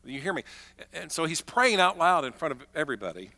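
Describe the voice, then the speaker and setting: Male pastor, sermon delivery, bright and forceful, chatty storyteller. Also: fairly high pitch, big pitch swings, a little fast, gravelly, big-room sound. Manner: conversational storytelling with acted-out asides.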